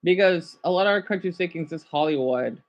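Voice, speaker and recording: A woman with an American accent, streaming and reacting to videos in a rambling, excitable chat with her viewers. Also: on the low side, brisk, muffled recording.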